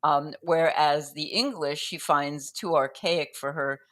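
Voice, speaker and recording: A woman guest explaining poetry in relaxed conversation, thinking aloud with frequent restarts and sounding out rhythms as da-dum. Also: low-pitched, unhurried. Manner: thoughtful, with frequent restarts and fillers.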